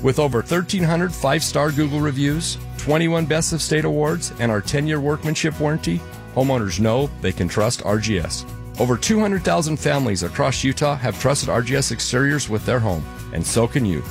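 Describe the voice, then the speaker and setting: Gravelly man pitching his family firm. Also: expressive, brisk. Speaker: company owner in an ad. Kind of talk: scripted radio ad read. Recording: music bed under the voice.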